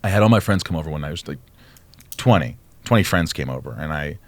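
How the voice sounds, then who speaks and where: A man, a podcast guest, telling a personal story in casual chat, animated and swearing freely. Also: very deep voice, quick pace, gravelly, dry recording. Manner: animated, acts out dialogue, swears a lot.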